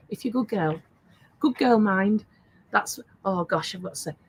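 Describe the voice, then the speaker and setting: Her voice is on the low side and slightly rough, and she speaks a little fast over poor audio. The older woman runs a casual live stream selling craft supplies, chatting and frequently laughing as she reads viewer comments.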